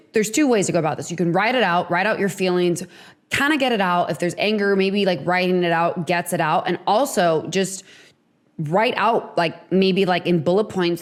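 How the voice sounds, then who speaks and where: A young woman chats her way through advice on her podcast, filling her talk with "like" and "you know". Her voice sits a little low for a woman. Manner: chatty, frequent "like" and "you know". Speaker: podcast host.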